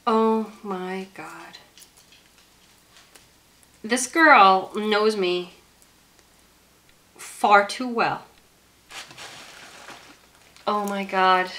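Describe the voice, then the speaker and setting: A young woman vlogging as she opens a gift, gushing with repeated excited exclamations. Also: mid-range voice, extremely slow, pauses often. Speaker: YouTuber opening a gift. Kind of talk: casual vlog unboxing.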